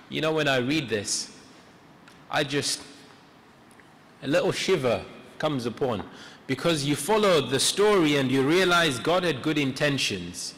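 A man preaching a sermon in a church, retelling a story in an earnest, reflective way with pauses. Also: fairly high pitch, expressive, a bit bright. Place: church sanctuary. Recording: echoey church hall.

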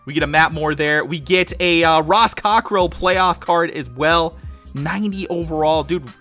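A man's voice: a little high, a little slow, soft background music. Hyped young man narrating pack openings. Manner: hyped, exclaims loudly at big pulls; casual, says dude and guys a lot. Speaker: gaming YouTuber. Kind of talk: excited pack-opening commentary.

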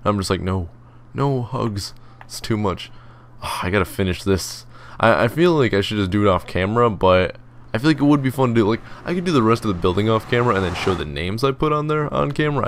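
A man's voice: fairly low pitch, expressive, fast talker. A young man giving casual, rambling gameplay commentary, joking about himself and mimicking his commenters. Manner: chatty, rambling, self-mocking, mimics commenters in silly voices. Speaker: gaming video host. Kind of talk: casual let's-play commentary.

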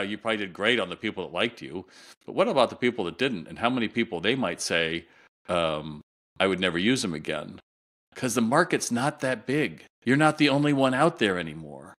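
A middle-aged man tells a story to an interviewer in a low voice that still has a bright, forceful edge. He slips in and out of the voices of the people he quotes and keeps the telling lively. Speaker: guest retail consultant.

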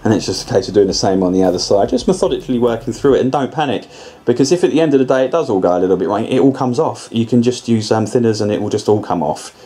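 A man speaks in a somewhat low, warm voice. He narrates a model-building lesson casually, wandering off track and stumbling over restarts. The tone stays easygoing and conversational throughout. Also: expressive, quick pace, husky. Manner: rambling, chatty, self-correcting, with many restarts.

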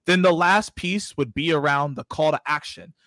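A man's voice: a little high, moderate pace, pushed and bright, no echo. A man giving casual advice in a webinar over a video call, talking loosely and acting out sample lines. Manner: conversational, acts out example lines.

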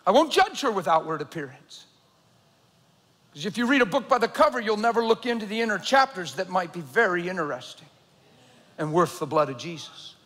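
High-voiced preacher in a reverberant church. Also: male voice, big pitch swings, a little fast. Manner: storytelling, swings from loud to hushed. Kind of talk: sermon. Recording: long hall reverb.

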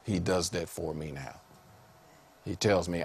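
A man a sermon in an animated way, laughing often and rising to high excited calls. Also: measured pace, long pauses, breathy edge. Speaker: preacher.

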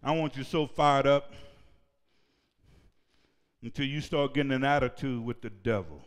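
A man's voice: medium pitch, unhurried, clear, resonant tone. Preaching man in a reverberant church. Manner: shouting, call-and-response preaching. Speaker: pastor. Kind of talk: sermon. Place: church sanctuary.

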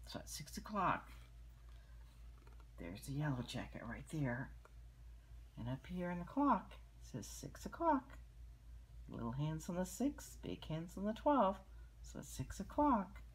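An older woman reading a picture book aloud to children, gently pointing out the pictures and explaining them as she goes. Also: on the low side, big pitch swings, a little slow, pauses often, a little hiss or hum.

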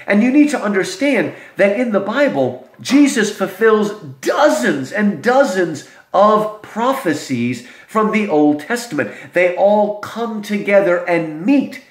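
A man giving a literature lecture, slow and expressive, with dramatic emphasis. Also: sits high. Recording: roomy echo.

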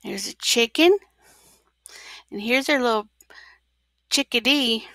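A woman, a teacher, reading a picture book aloud to children, slowly and expressively with whispered asides. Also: on the high side, bright, forceful tone, no room sound.

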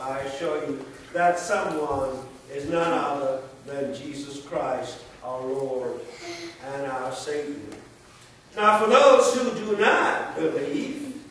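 A man's voice: sits high, fairly bright tone, far from the mic. Male preacher, storytelling sermon, light hiss, echoey church from afar. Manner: storytelling with dramatic pauses. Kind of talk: Easter sermon.

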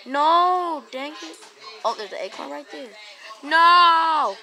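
Young woman, high-pitched, gaming commentary, jumpy, easily startled. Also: measured pace, rough recording. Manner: jumpy, excitable, shrieks when startled. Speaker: gaming vlogger.

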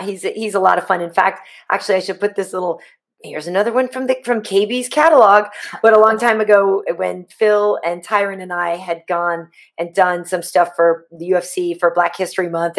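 A woman hosting a casual podcast, telling a laughing story in quick, animated bursts. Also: lowish voice. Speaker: podcast host and sports anchor. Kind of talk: casual chat.

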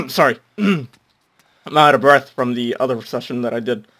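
A young man giving goofy, rambling gameplay commentary, nervous and self-mocking, often breaking into shrill shouting. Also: lively intonation, unhurried, vocal fry, soft background music. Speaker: gamer.

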